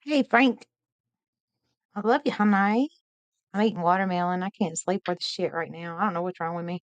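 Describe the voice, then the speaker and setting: A woman's voice: on the low side, normal speed, no echo. A woman, hosting a late-night live stream in a folksy, chatty way and greeting viewers by name.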